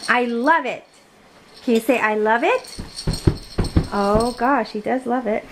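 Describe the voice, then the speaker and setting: A woman's voice: on the high side, slow, loud music behind the voice. A woman filming a home video, coaxing and prompting her small child in his bedroom. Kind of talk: casual home video chat. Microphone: handheld camera mic. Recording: noisy home camcorder audio.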